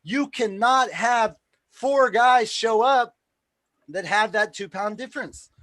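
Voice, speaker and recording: A high-pitched man hosting a live stream tells a story in a loose, excitable way, swearing freely and acting out what others said. His voice sits close and dry on the mic, with no room sound around it. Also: takes it slowly, dry recording. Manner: excitable, swears freely, acts out quoted dialogue. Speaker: live stream host and tournament promoter.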